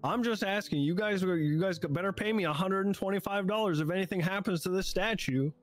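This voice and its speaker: A man's voice: high-pitched, brisk. A man playing a hostage in an improvised game role-play, yelping and joking as he talks.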